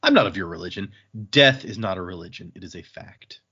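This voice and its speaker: A man with a slightly husky voice recaps a book for a podcast, his pitch swinging widely as he acts out the lines. The audio is a bit dull and lo-fi. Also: a little fast. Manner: animated, acts out characters' lines while recapping. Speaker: podcast co-host. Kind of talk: casual book discussion.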